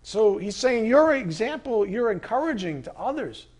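A man preaching a sermon in an animated way, acting out voices and sometimes shouting. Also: high-pitched, normal speed, breathy edge.

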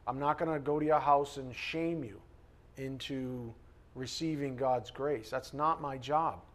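A male pastor delivering a sermon to his congregation in a conversational way, pressing hard on key words and then dropping into soft, quiet asides. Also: mid-range voice, fairly even intonation, a little slow. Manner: conversational, emphatic preaching, swings between loud stresses and soft asides.

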